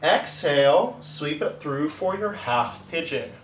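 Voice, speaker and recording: A man leading a yoga class, giving calm, encouraging step-by-step cues. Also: on the high side, takes it slowly, echoey room, a little hiss or hum. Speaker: yoga instructor.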